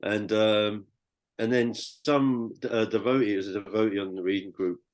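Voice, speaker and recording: Brief: British man, low voice, rambling heartfelt podcast storyteller. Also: steady tone, normal speed. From Britain. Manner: rambling and heartfelt, with many restarts. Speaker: podcast guest. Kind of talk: personal storytelling.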